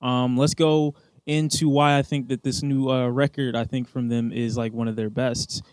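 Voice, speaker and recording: A man reviewing songs casually, with blunt opinions, jokes and swearing, and loud animated bursts. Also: mid-range voice, normal speed, no room sound, clean studio sound. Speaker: music reviewer. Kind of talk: casual music review vlog.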